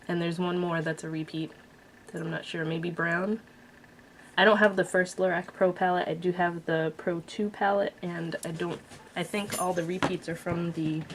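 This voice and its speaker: Chatty woman reviewing makeup, low-pitched. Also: a little hiss or hum. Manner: chatty, blunt, frequent fillers. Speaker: beauty vlogger. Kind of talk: casual product review.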